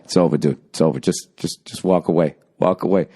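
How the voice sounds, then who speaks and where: Man doing a deadpan buddy, low flat voice, calm, dismissive. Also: brisk, breathy edge. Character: deadpan adult male friend, calm and dismissive.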